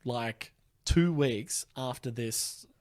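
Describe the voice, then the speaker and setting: A man's voice: medium pitch, drawn-out words, darkish tone. A man who is a comedian guest on a podcast, telling a story in casual chat with frequent laughs and swearing.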